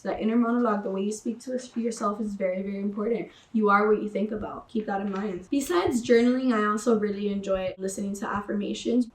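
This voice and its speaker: Woman, casual vlogger, chatty, slangy, middle pitch, echoey room, distant mic. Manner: chatty, uses slang like sis and boo-boo. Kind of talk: casual spiritual vlog.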